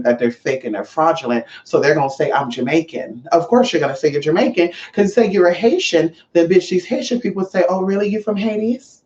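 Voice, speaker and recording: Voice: mid-range voice, darkish tone. Sassy talker, profane, casual vlog chat, echoey room, slightly muffled sound. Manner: sassy, profane and chatty, addressing viewers as y'all. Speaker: spiritual vlogger. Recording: roomy, slightly dull sound.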